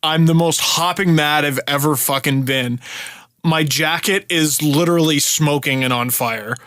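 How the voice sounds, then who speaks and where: Canadian guy telling a wild story on a podcast, swears a lot, bright kinda high voice. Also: measured pace, dry recording, clean studio sound. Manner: animated, swearing, shouts quoted lines. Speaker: podcast host. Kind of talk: casual storytelling chat.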